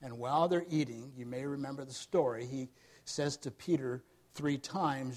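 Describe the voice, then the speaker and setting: A middle-aged man preaching a sermon, telling stories with bursts of loud emphasis that fall back to quiet asides. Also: normal speed. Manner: storytelling, rising to loud emphasis then dropping low.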